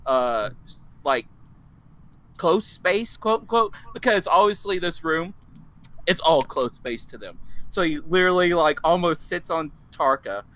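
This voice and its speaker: A man at a tabletop game, talking slowly and casually about what his character does. His voice is bright and a bit high for a man, loose and full of laughs and swearing. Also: animated, poor audio. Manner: swears, laughs, describes his giant's actions. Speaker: tabletop player. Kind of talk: casual tabletop role-play.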